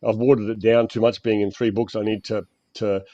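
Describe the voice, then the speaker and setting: A middle-aged Australian man with a fairly low voice, rambling through a casual podcast chat. He stops and starts often and swears freely. The sound is dull and lo-fi, with no room echo. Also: level tone, a little fast, dark tone. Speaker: guest author. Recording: dull, dry lo-fi audio.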